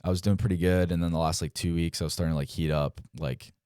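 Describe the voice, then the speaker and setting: A young man from Delaware, a professional ballplayer, telling stories in a relaxed way, full of "like" and "um". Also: sits low, fast, smooth, dry recording, clean studio sound. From Delaware, United States. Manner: relaxed, heavy use of "like" and "um", acts out quotes. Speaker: guest, professional baseball player. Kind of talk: casual storytelling interview.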